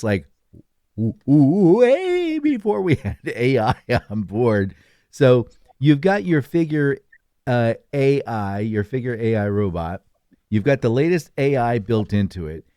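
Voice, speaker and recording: A man's voice: mid-range voice, warm tone, dry recording, clean studio sound. A man co-hosting a podcast, telling rambling stories with a lot of hesitation in casual chat. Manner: rambling storyteller, many fillers and restarts. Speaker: podcast co-host.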